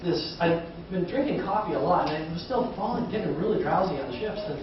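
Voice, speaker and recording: A man's voice: sits high, animated, brisk, dull audio. A man doing a stand-up comedy set in front of a live audience, telling self-deprecating stories and acting out bits of dialogue. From North Idaho. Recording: distant roomy live recording, audience noise.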